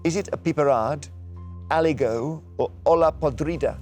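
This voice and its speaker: A man's voice: on the high side, normal speed, a little mellow, soft background music. A man hosting a quiz show in a TV studio, upbeat and teasing as he reads out questions.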